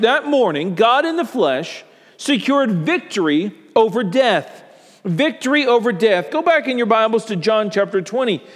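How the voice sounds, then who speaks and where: Male pastor, high tenor voice, emphatic repetitive sermon delivery, reverberant hall. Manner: preaching with emphatic repetition and scripture reading.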